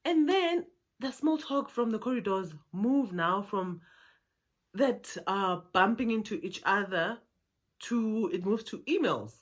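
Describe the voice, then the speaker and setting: A woman's voice: medium pitch, lively intonation, slow. A South African woman telling a personal story to her viewers in a casual, chatty way, often laughing. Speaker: YouTuber.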